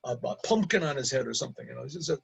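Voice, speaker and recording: A middle-aged man, a rabbi, casually telling an anecdote, halting and repeating words and laughing at his own story. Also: mid-range voice, lively intonation, vocal fry, husky, rough recording.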